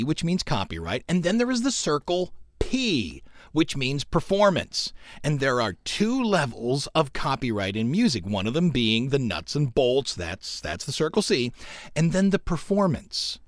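A man's voice: on the high side, a little slow, no echo. A male radio host tells a music story with a voice that rises and falls all the time, like he is leading a class. He sounds close to the mic in a dry, dead studio. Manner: animated storytelling explainer. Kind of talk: college radio music talk.

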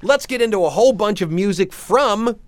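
A man's voice: high-pitched, expressive, fairly quick, no room sound. A man hosting a casual radio show, chatty and enthusiastic, joking with his co-host.

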